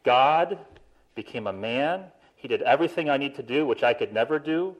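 A man preaching a sermon, animated, stressing key words and slowing down for emphasis. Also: mid-range voice, poor audio. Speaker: pastor.

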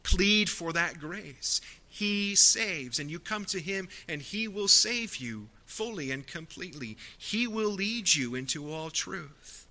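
A man's voice: high voice, lively intonation, slow pace, few pauses, sharp tone. A man preaching a sermon from the pulpit, earnest and rising to emphatic peaks. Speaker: pastor.

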